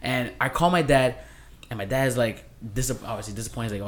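Fast-rambling man telling a story. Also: mid-range voice, lively intonation, a little hiss or hum. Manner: rambling storyteller, many restarts. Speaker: podcast co-host. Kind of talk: casual podcast chat.

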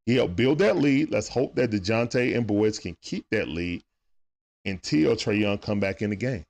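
A man giving casual, excitable play-by-play commentary on a live stream, chatting with his viewers in slang. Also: lowish voice, moderate pace, vocal fry.

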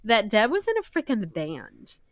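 A woman's voice: medium pitch, huge pitch swings, moderate pace, no room sound. A young woman co-hosting a book podcast, recapping a chapter in loose, laughing chat full of fillers. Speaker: podcast co-host. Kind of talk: casual book-club chat.

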